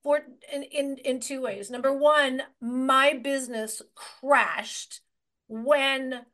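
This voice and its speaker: Woman, 40s, realtor guest; energetic, rambling storyteller, higher pitch. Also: slow. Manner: energetic and rambling, many restarts. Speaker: real estate agent, guest. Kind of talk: conversational storytelling interview.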